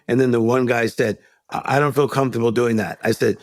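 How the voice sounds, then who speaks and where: A man's voice: medium pitch, fairly even intonation, fast, dry recording. A middle-aged man, a life coach guest, telling a story in an interview and acting out the voices of the people in it. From United States.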